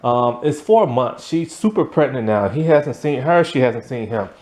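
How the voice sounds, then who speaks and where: A young man talks through a TV series in a loose, rambling way, full of ums and likes and quick chuckles. His pitch swings up and down a lot as he goes, lively and expressive at a middling pitch. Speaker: TV series reviewer. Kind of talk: casual spoken review.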